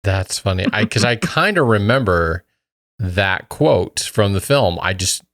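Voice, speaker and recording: A man's voice: fairly low pitch, lively intonation, unhurried, a bit bright, no echo, clean studio sound. A man co-hosting a casual movie podcast, chatty and laughing often. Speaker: podcast co-host. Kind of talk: casual movie review chat.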